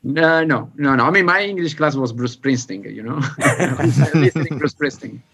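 A man from Italy with an Italian accent, an interview guest who speaks halting English with many fillers. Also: mid-range voice, fairly bright tone, husky.

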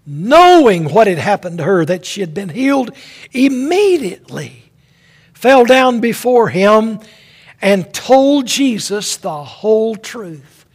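Husky high-voiced male preacher, slow. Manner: dramatic, emphatic, addressing listeners as friend. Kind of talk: sermon.

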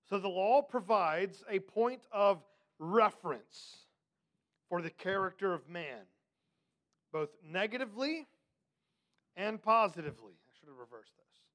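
Guy with a fairly high voice leading bible study, keeps asking the group questions, reads verses slow. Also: lively intonation, a bit bright. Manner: asks the class questions, emphatic and conversational; reads scripture slowly and deliberately.

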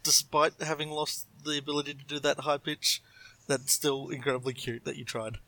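Bright, polite male player. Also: a little high, level tone, normal speed. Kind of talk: casual tabletop game chat.

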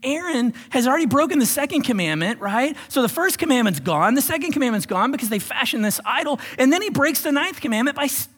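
Animated husky male pastor preaching. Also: very high voice, quick pace, few pauses. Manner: animated, swings from exclamations to hushed whispers. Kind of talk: sermon. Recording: long reverb of a large hall.

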